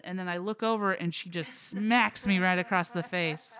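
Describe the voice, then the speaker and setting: A woman co-hosting a casual true crime podcast, her voice a bit low and very smooth. She tells stories and acts out quoted lines as she goes. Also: normal speed, no echo. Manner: animated storyteller, acts out quotes. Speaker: podcast co-host. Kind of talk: casual chat.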